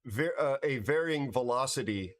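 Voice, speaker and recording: A man hosts a livestream, worn out from a night without sleep. He talks casually to his viewers at a middling pitch, halting and restarting, repeating words as he goes. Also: expressive. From United States. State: tired from no sleep. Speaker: livestream host.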